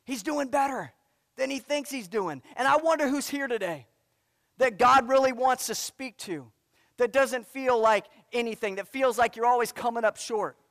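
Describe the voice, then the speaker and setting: A man's voice: very high voice, normal speed, a bit bright, no echo, studio quality, in a large hall. A male pastor preaching a sermon with emphasis, coming back again and again to a refrain. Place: church sanctuary.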